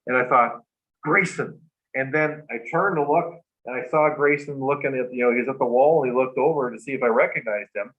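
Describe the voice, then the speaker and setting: Male guest on a video call, mid-range voice, earnest and halting, muffled lo-fi sound. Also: medium pitch. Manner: halting and earnest, with many restarts. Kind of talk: personal storytelling on a livestream talk show. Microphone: remote video call. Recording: muffled livestream audio.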